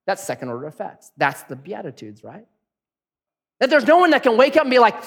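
A pastor delivering a sermon in a conversational, animated way, often asking the congregation questions. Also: male voice, high voice, brisk, creaky.

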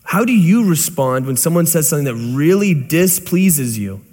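Young male pastor with a high, animated voice. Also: moderate pace, big-room sound. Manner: animated storyteller, acts out voices and sounds. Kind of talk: sermon.

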